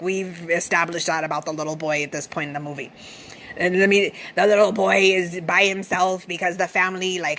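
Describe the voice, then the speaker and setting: A woman's voice: lowish voice, a bit bright, slight background noise. A woman hosting a podcast, casually retelling a movie plot in a chatty way and swearing freely. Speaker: podcast host.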